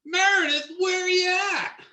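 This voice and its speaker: A man in an online improv show, talking quickly and teasingly. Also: extremely high pitch, fairly even intonation, bright, forceful tone, reverberant. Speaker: improv performer. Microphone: video call.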